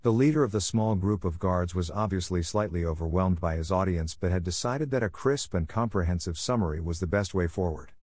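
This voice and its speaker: A man narrating a fantasy audiobook in an even, measured reading. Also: deep voice, no room sound, studio quality.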